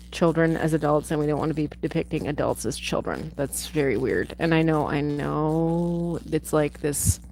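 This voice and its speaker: A woman with a low voice hosts a casual livestream from home, reviewing a film while rambling off on tangents and swearing freely. The recording is low quality, with slight background noise.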